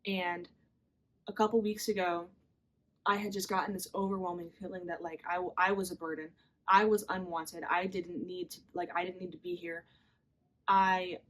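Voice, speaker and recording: A young adult woman hosting a podcast, talking candidly and a little rambly about her own life in a confessional monologue, often saying "like" and "literally.". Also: mid-range voice. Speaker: podcast host.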